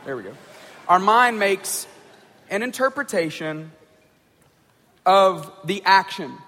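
A man with a high voice gives a casual talk to a group, stumbling over words and often checking in with his listeners. His voice carries a long hall reverb. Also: very animated, takes it slowly, bright, forceful tone, a little hiss or hum. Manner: conversational, repeats words, checks in with "right?" and "okay?". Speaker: speaker addressing a group. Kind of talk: informal talk on communication.

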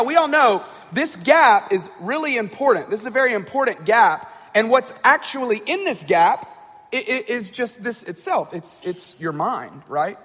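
A man with a high voice gives a casual talk to a group, stumbling over words and often checking in with his listeners. His voice carries a long hall reverb. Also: fairly bright tone. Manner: conversational, repeats words, checks in with "right?" and "okay?". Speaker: speaker addressing a group. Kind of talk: informal talk on communication.

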